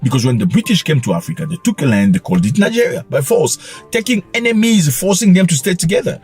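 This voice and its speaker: Animated husky-voiced man lecturing. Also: fairly high pitch, fast, faint music behind. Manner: animated, lecturing, with mocking asides. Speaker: channel host. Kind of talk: opinionated commentary vlog.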